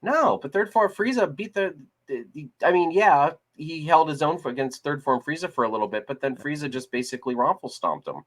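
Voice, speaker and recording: A man's voice: a little high, expressive, fairly quick, hardly any pauses, a bit bright. A man co-hosting a casual discussion podcast, talking in a rambling way with many restarts and fillers. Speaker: podcast co-host. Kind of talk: casual chat.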